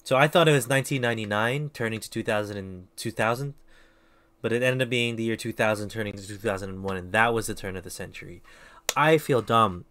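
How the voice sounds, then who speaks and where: A man's voice: lowish voice, fast talker, fairly bright tone. A man streaming a video game, rambling in casual commentary and putting himself down. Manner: rambling, self-deprecating.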